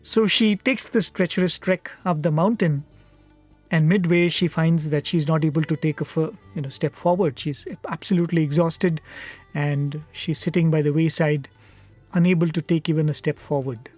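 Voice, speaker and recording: A man from India tells a devotional story at a spiritual gathering, slow and reflective, pausing often. His voice sits a little high for a man, and the sound is dry and close. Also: steady tone, a little mellow, no room sound, faint music behind. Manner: unhurried, reflective, with frequent pauses. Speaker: satsang speaker.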